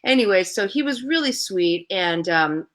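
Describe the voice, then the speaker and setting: A woman's voice: medium pitch, expressive, normal speed, fairly bright tone. A middle-aged woman, a guest in an interview, chatty, telling anecdotes and acting out the voices of people in them. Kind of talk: animated storytelling in an interview.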